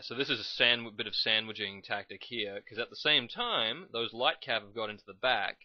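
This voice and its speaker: A man gives rambling, casual let's play commentary, often correcting his own words. His voice sits fairly low, and the recording is dull and lo-fi with a dry, close sound. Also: moderate pace, hardly any pauses, dry recording. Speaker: gamer commentating his match.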